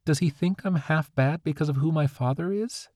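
A playful, earnest young sprite girl from a children's storybook, eager and a little mischievous, as a male narrator puts her on. The voice jumps far above the narrator's own into a bright falsetto, recorded close and dry. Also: animated, normal speed, no echo, natural voice. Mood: upset.

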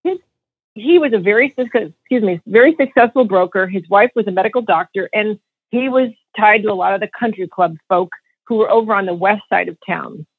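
A woman in her fifties speaks over a tinny, dry phone line, with a slightly husky voice. She tells her story with energy and acts out the voices of the people in it. A podcast guest looking back on her career. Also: medium pitch, fairly quick, no echo. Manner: animated storyteller acting out quotes. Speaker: podcast guest, financial advisor. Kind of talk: storytelling interview answer.

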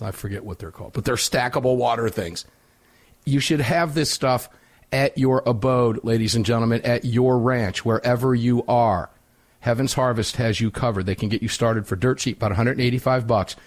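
A man hosting a talk radio show, reading sponsor spots and questioning a guest in an upbeat, chatty, folksy way. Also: lowish voice.

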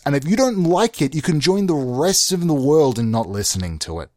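A man hosting a comedy podcast, rambling in a mock-pompous, deadpan way, lurching between mumbled asides and loud outbursts. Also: medium pitch, normal speed, hardly any pauses, no room sound, studio quality. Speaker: podcast host.

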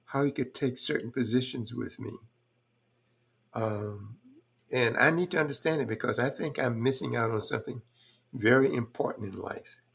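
A man's voice: mid-range voice, creaky, a bit bright, slightly rough. An older man speaking as a podcast guest in a reflective, thoughtful way, with frequent fillers. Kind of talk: reflective conversational talk.

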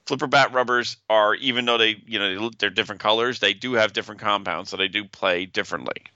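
Man, podcast co-host, playful, low voice, slightly dull sound. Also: fairly even intonation, quick pace, pushed and bright, no room sound. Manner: playful, joking. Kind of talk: casual podcast chat.

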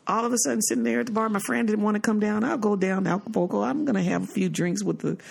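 A woman's voice: mid-range voice, fast talker, gravelly, breathy edge. An American woman hosting a podcast in casual chat, telling stories and acting out family members as she goes. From United States. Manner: animated storyteller who acts out family members. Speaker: podcast host.

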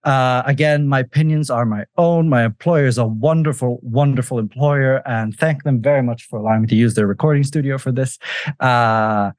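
A man's voice: medium pitch, normal speed, dry recording. A man joining a podcast as a guest, chatting casually and jokingly, with lots of filler words, recorded in a studio. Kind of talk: casual chat.

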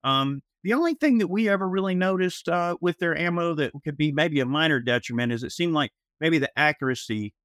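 A man co-hosting a panel show, talking in a measured way full of "uh" and "you know". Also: fairly high pitch, animated, fairly bright tone, no echo, studio quality. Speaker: podcast co-host. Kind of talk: casual panel chat.

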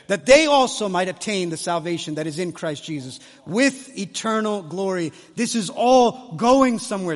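A man preaching a conference sermon, impassioned, swinging between hushed lines and loud ones. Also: high voice. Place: large conference hall. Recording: long hall reverb.

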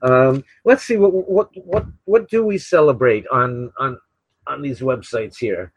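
An older man hosting his own radio show, talking in a rambling, opinionated way, often repeating words and filling pauses with uh and um. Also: mid-range voice, animated, breathy edge, no room sound. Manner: opinionated, sarcastic. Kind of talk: casual solo talk radio monologue. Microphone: desk microphone beside a laptop. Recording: dull, slightly lo-fi dry recording.

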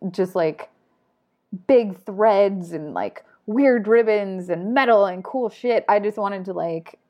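A woman guest on a podcast, telling lively stories about weaving with frequent laughs and casual swearing. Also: mid-range voice, slow, dull audio. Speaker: podcast guest, textile artist. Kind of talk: casual storytelling chat.

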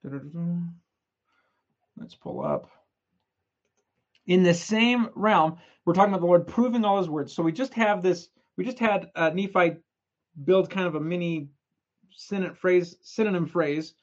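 A young man giving a casual, energetic scripture lesson, retelling stories in a chatty, playful way. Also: sits high, measured pace, long pauses, muffled recording. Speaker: scripture study presenter.

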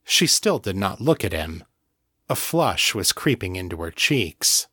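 Man calmly narrating an audiobook. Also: sits low, slightly rough, dry recording, studio quality. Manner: calm, measured storytelling. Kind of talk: scripted narration.

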